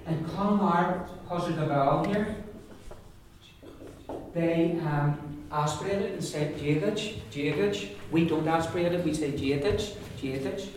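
A man's voice: a little high, unhurried, slight background noise. A man with a Belfast accent, teaching Irish pronunciation to a class and patiently repeating words for them to echo. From Northern Ireland. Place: classroom with students. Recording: echoey room, far from the mic, class around.

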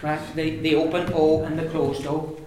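A man's voice: fairly high pitch, flat delivery, moderate pace, crowd noise. Ulster man teaching pronunciation in an echoey classroom. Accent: Ulster Irish English. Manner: drills words aloud, modelling each sound carefully. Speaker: language teacher. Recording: echoey room, mic far off, faint noise.

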